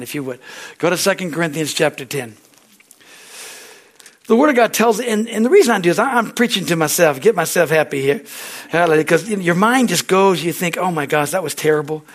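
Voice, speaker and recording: A man with an American accent preaching a sermon as pastor, in a folksy, rambling way, often asking "Amen?" and laughing at himself. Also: high-pitched. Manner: self-deprecating, laughs easily.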